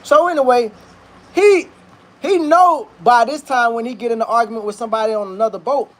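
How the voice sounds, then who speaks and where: A man's voice: extremely high pitch, fast talker, fairly bright tone. A man telling a story in a casual, rambling, slang-heavy commentary, swearing freely while he cooks in his kitchen. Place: kitchen, cooking while talking.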